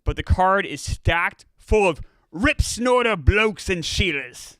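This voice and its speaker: A man's voice: high-pitched, expressive, slow, fairly bright tone, no echo, pitched above the performer's own voice, exaggerated voice. A man doing a corny mock Australian accent for a sportsbook ad read. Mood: goofy. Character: hammy Australian bloke ad reader.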